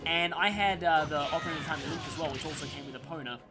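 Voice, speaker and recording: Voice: medium pitch, fast talker. A gameplay commentator talking casually over a let's-play, rambling through gaming trivia and side stories. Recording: game music playing under voice. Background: game music.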